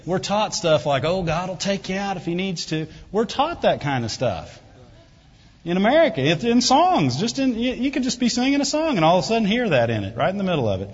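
A pastor preaching a sermon in a conversational way, often asking "Right?" and rising loud and high for emphasis before dropping low and quiet. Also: male voice, huge pitch swings, fairly quick, breathy edge. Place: church hall. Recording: dull reverberant hall recording.

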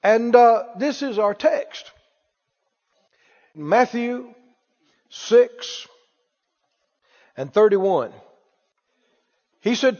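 A man preaching a lively sermon, calling out to the congregation and acting out anxious voices. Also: high voice, extremely slow, long pauses. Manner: animated, calls for responses, acts out worried voices. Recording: dull echoey hall recording.

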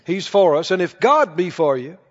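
A pastor preaches a sermon to a congregation in a large church hall, putting questions to the audience as he goes. His high voice swings widely in pitch at normal speed. The church recording is dull and reverberant.

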